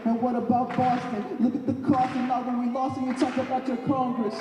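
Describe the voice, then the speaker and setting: A man's voice: extremely high pitch, level tone, brisk, music in the background. A teenage boy performing a rap with call-and-response on a large stage. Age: teens. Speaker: student performer. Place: large opera house stage. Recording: echoey hall from far off, noisy.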